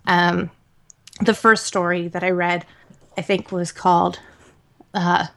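A woman co-hosting a podcast in casual chat, talking in an animated, rambling way with lots of fillers and laughter. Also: fairly low pitch, slow, pauses often. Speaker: podcast co-host.

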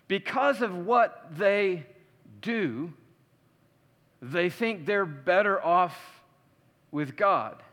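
High, bright-voiced preacher in a reverberant hall. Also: male voice. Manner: animated storytelling, acting out characters' voices. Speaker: pastor. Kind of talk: sermon. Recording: long reverb of a large hall.

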